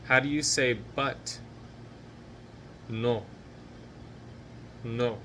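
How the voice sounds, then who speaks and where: A man teaching a language lesson, speaking slowly and patiently and repeating each phrase. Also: mid-range voice, sharp tone, a little hiss or hum. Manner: patient, slow drilled repetitions of each phrase; encouraging.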